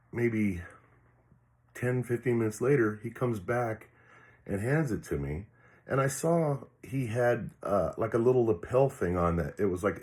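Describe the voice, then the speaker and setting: A man's voice: fairly low pitch, darkish tone. An older man, a retired police officer, telling a personal story in a rambling, frank way, swearing freely and restarting his sentences with many fillers. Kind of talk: casual storytelling monologue.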